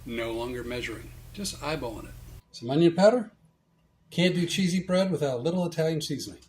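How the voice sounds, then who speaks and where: A man's voice: fairly high pitch, animated, a little fast, darkish tone, a little hiss or hum. A man hosting a casual cooking demonstration in a home kitchen, joking as he talks through each step. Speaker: cooking show host.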